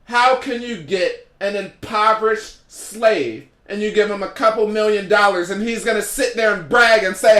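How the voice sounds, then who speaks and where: A man's voice: high-pitched, moderate pace, hardly any pauses, fairly bright tone. A man hosting a solo podcast, ranting sarcastically and mocking what he criticizes, recorded in an echoey room. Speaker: podcast host.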